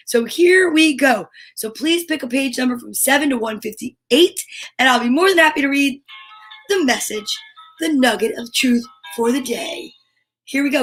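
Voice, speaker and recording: A bubbly woman hosts a cheerful live stream, her voice pitched high and bright as she chats with viewers. She talks in exclamations, gasps in excitement and drops into whispers now and then. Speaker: storytime host.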